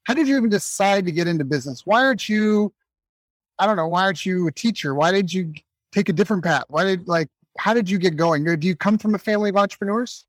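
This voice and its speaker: Male podcast host, high voice, eager questioner, dry close sound. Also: dry recording. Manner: enthusiastic, quick follow-up questions. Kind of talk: interviewing.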